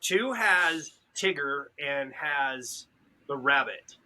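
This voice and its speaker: A man in a casual podcast chat, an animated storyteller who acts out what others said. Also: fairly high pitch, slow, noisy background. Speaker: podcast participant.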